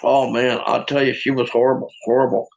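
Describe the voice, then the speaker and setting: A man doing a stand-up comedy set, with deadpan one-liners and halting restarts. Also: mid-range voice, vocal fry, dull audio.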